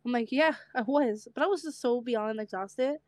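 A young woman co-hosting a casual podcast chat, speaking with a slight stutter and a lisp, chatty and quick to laugh. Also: a little high, no room sound. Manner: chatty, quick to laugh, repeats herself when tired. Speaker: podcast co-host.

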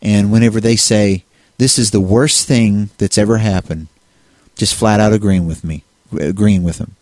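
Low-voiced man talking theology, rambling. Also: steady tone, moderate pace, darkish tone, no echo. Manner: rambling, many restarts and fillers. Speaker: co-host. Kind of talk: casual theological discussion.

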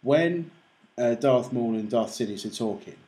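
A man's voice: medium pitch, animated, unhurried, warm tone. Guy on a games podcast dropping trivia, casual, swears a bit. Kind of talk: casual chat about video games.

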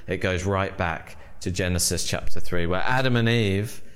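A man preaching a sermon as pastor, emphatic, with rhetorical questions and dramatic pauses. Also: deep voice, fairly bright tone.

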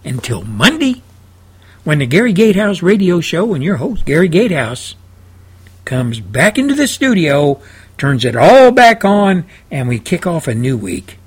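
A man's voice: fairly high pitch, sing-song, unhurried, slightly rough. A man hosting a talk radio show from his home studio, talking in a folksy, rambling, plain-spoken way. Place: home studio, seated in an easy chair.

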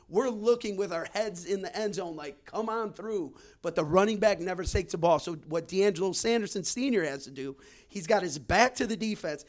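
Storytelling man from Detroit, higher voice. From Detroit, Michigan. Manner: animated, repeats words as he builds a story. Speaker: guest storyteller. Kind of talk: podcast storytelling.

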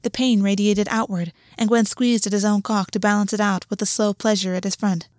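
Woman narrator, steady measured story reading, mid-pitched, dry close sound. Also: dry recording. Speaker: audiobook narrator.

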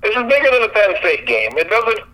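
Podcast co-host, male, high and bright tone, blunt profane venting. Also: big pitch swings, a little fast, poor audio. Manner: blunt, profane, exasperated ranting. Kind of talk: casual sports podcast chat.

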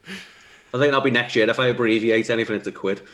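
A man's voice: medium pitch, brisk, fairly bright tone. A man chatting easygoing and casual with friends on a podcast. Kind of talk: casual chat.

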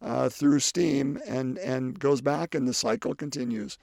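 A man preaching a conversational homily who often restarts his sentences and grows louder when he quotes scripture. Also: medium pitch, a little slow, creaky, no echo, clean studio sound.

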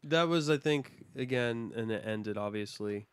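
A man's voice: medium pitch, a little slow, clear, resonant tone, dry recording. A man co-hosting a podcast, chatting casually about a film and pressing the others with questions. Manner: inquisitive, pushes with questions. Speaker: podcast co-host. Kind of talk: casual movie review chat.

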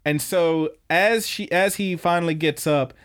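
A man's voice: a little high, measured pace, clean tone. A young man co-hosting a podcast, casually recapping anime episodes in a rambling, profane way. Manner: laid-back, rambling, profane, with animated quoted voices. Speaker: podcast co-host.

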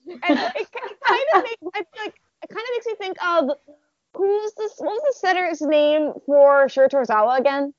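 A woman co-hosting a podcast in casual chat, animated, acting out character lines and laughing often. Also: very high voice, moderate pace, no echo. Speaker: podcast co-host. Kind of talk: casual chat recapping manga chapters. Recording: dull lo-fi dry sound.

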